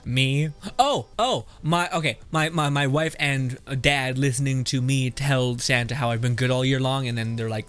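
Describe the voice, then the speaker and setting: A man's voice: medium pitch, normal speed, fairly bright tone. A man streaming his reactions to memes in a casual, blunt, swear-filled way, laughing often. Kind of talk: casual commentary.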